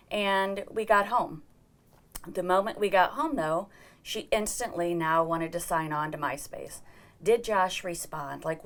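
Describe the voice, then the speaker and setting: Middle-aged woman interview guest, lowish voice, earnest storyteller. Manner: earnest storytelling, acting out quoted dialogue. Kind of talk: personal account in an interview.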